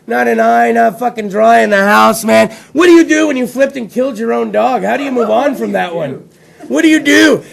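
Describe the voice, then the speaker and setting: Male talk host, high and gravelly, rowdy and foul-mouthed. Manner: rowdy, swearing, loud outbursts. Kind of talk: profane comedic rant.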